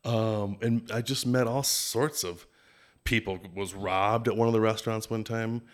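A middle-aged man from Minnesota, a podcast guest telling stories in a casual, animated way and sometimes doing playful impressions. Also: lowish voice, measured pace. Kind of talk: casual storytelling interview.

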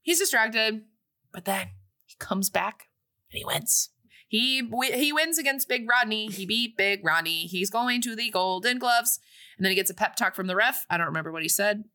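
A woman casually retelling a film's plot on a podcast, animated and breezy. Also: medium pitch, normal speed. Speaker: podcast co-host recapping a film. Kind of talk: casual recap chat.

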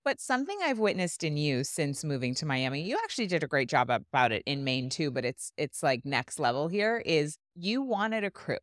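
A woman's voice: deep voice, big pitch swings, normal speed, few pauses, dry recording, studio quality. A woman hosting a podcast, asking her husband curious, probing questions in casual talk. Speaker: podcast host. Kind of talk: casual conversation.

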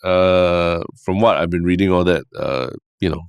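A man's voice: low voice, normal speed, clean tone, no room sound. A man with a Singaporean English accent, co-hosting a podcast in casual chat and rambling through many fillers and restarts. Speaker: podcast co-host.

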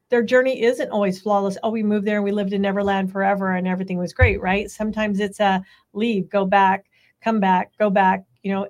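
Chatty woman podcast host. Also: mid-range voice. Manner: chatty, filler-heavy questions. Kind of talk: interview podcast.

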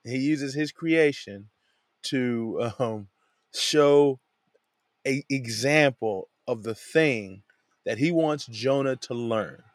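A man's voice: mid-range voice, slow, no echo. Man, bible teacher, casual chatty delivery, says "man" a lot, dry close sound. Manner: relaxed, conversational, says "man" often. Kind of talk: casual Bible study talk. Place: lives in a van.

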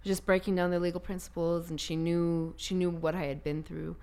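Animated woman telling a story. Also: fairly low pitch, brisk, clear, resonant tone. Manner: animated storytelling, laughs often. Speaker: guest. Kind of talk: casual conversation.

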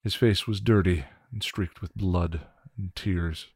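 Deep-voiced man reading a story. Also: takes it slowly, a little mellow, husky, dry recording, clean studio sound. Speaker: story reader.

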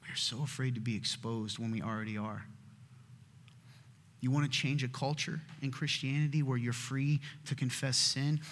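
A man preaching a sermon, passionate, swinging between emphatic and hushed delivery. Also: mid-range voice, fairly even intonation, normal speed. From Southern United States. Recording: reverberant hall.

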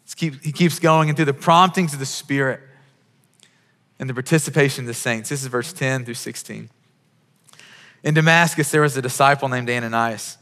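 A man's voice: medium pitch, normal speed, fairly bright tone, in a large hall. A man preaching a sermon as a pastor, telling stories with quoted dialogue and frequent restarts.

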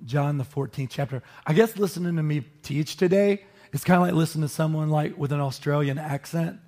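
Man, pastor, sermon teaching, slightly high voice, animated emphasis, jokes with congregation. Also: a little fast. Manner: animated, rises sharply for emphasis, jokes with listeners.

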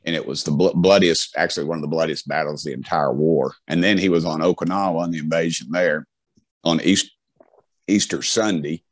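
A man's voice: very deep voice, fairly even intonation, fairly quick, dry recording. A middle-aged man with a Southern US accent, telling folksy stories as an interview guest, with many restarts and fillers. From Tennessee. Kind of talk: casual storytelling.

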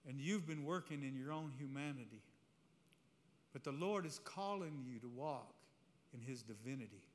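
A man voicing a solemn, prophetic island woman with a Caribbean island accent, speaking in slow, weighty declarations. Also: medium pitch, close to an everyday voice. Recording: reverberant hall, faint room noise.

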